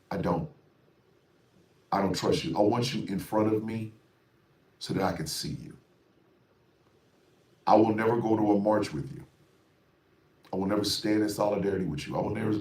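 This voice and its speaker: A middle-aged man delivers a fiery, preachy radio monologue and drives his points home with repetition and swearing. His voice sits low. The sound is roomy, and he is some way off the mic. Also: distant mic. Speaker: radio show host.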